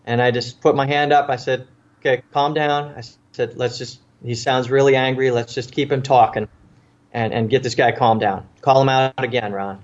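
A man's voice: mid-range voice, fairly even intonation, normal speed, dull audio. A man, a police officer and author, recounting a tense story in an interview, with frequent restarts and repeated words. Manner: vivid storyteller, acts out quoted voices.

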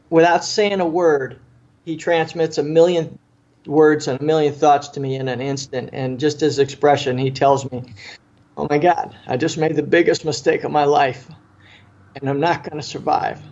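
A man in an interview, recounting his own story in an earnest, vivid way and acting out what people said. His voice sits at a middle pitch. The recording sounds slightly dull and muffled. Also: darkish tone. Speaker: interview guest, former police officer.

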